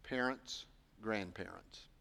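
A man's voice: on the low side, slow, vocal fry. A man preaching a sermon, acting out quotes and posing rhetorical questions to the congregation. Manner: expressive, acts out quotes, poses rhetorical questions.

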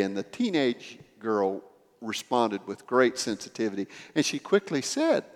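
A man's voice: mid-range voice, very animated, unhurried, big-room sound. A man preaching a sermon, telling a story with acted dialogue and building to emphatic swells.

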